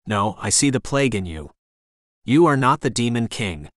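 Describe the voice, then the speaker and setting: A man's voice: medium pitch, expressive, normal speed, no room sound, clean studio sound, natural voice. A man voicing a fierce, defiant young half-demon man, speaking in a growling, hard-edged way.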